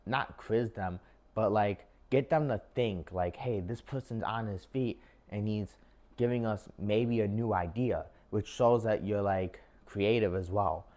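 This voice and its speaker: A man's voice: lowish voice, unhurried, a little mellow. A young man casually giving job interview advice to his viewers, chatty and full of filler words. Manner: chatty, lots of "like" and "um" fillers, addresses viewers as guys. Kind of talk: casual advice talk to camera.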